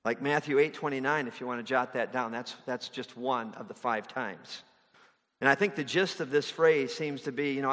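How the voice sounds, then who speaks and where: A preacher with a fairly high, somewhat bright voice gives a conversational sermon at a moderate pace, posing rhetorical questions to his listeners while explaining a passage. A long hall reverb surrounds his voice.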